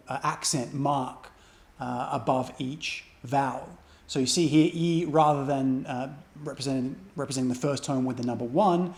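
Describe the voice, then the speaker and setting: A man's voice: mid-range voice, darkish tone. A man teaching a beginner language lesson, explaining step by step and saying example sounds aloud. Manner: patient, demonstrates sounds aloud.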